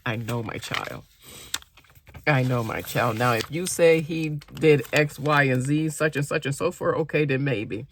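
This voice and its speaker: A mother telling a personal story in a casual vlog, upset and shaken, halting often and repeating herself. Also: low-pitched, vocal fry, a little hiss or hum.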